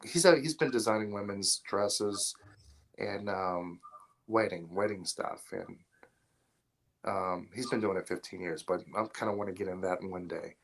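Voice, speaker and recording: A deep-voiced man from the Atlanta area speaks at a measured pace as a podcast guest. A film installer by trade, he rambles through stories in blunt, profane casual chat.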